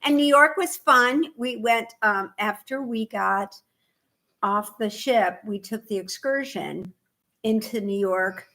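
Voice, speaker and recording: A woman co-hosting a podcast in casual chat, telling animated, rambling stories. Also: on the high side, slow pace, vocal fry. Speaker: podcast co-host.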